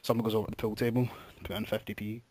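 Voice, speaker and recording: A man's voice: lowish voice, level tone, rapid-fire, darkish tone, dry recording. Laughing young man telling a story. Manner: swearing, laughing through his story. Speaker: podcast host. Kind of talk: casual storytelling chat.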